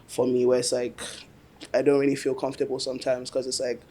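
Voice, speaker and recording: A man's voice: mid-range voice, completely flat delivery, fast, warm tone. A man guesting on a podcast, talking in a reflective way and using a lot of "like" and "kind of". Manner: reflective, lots of 'like' and 'kind of'. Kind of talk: casual chat.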